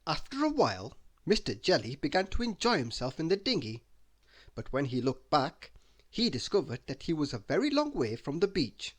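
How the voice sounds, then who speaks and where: A man reading a children's bedtime story aloud, slow and expressive. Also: on the high side.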